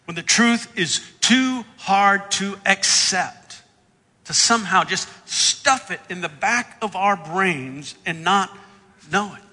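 A man preaching a sermon, reading scripture and acting out the characters' lines with big jumps in pitch and loudness. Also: in a large hall. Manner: acts out the Bible characters' lines with big swings in pitch and volume. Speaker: pastor.

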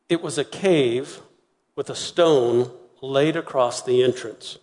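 A man preaching a sermon with a fairly high voice. He tells the story in an animated way and acts out the voices of the people in it. The long reverb of a big hall trails each phrase. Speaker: pastor.

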